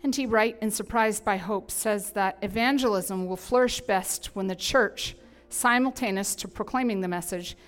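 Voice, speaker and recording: A middle-aged woman pastor preaching a sermon in an animated, emphatic, conversational way with humorous asides. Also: medium pitch, normal speed. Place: church sanctuary. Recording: long hall reverb.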